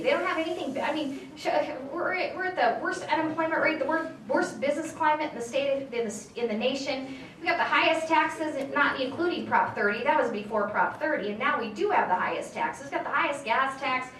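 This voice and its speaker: A tired woman politician from California tells a story to a crowd at a meeting and playfully acts out every line of the dialogue. Her speaking voice sits somewhat high. The recording is distant and echoey, with faint room noise. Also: a little fast. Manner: animated storyteller acting out dialogue. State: tired from lack of sleep. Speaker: state assembly member speaking to a political group. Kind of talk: casual storytelling speech. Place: meeting hall with an audience.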